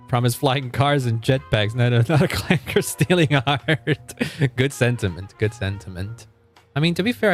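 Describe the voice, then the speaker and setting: A male game streamer talking loosely to his chat, his pitch swinging up and down as he goes. He rambles, stops and restarts his thoughts, and breaks into laughter often. Faint music plays behind him. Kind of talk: casual live-stream chat.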